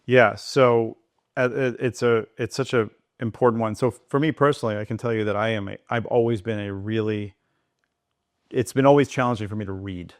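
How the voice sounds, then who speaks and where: Lower-voiced man, animated podcast guest. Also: brisk, no room sound, studio quality. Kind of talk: conversational interview.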